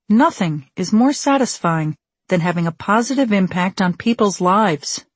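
A woman reads a memoir aloud in a studio, her voice a touch husky and sitting on the low side. Her delivery is measured and wry, and the room around her sounds dry and close. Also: dry recording. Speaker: audiobook narrator. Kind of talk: scripted memoir narration. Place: recording studio. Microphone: studio microphone.

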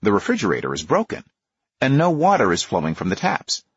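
A man with a husky voice giving a measured, expressive nonfiction audiobook narration. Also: medium pitch, dry recording, muffled recording.

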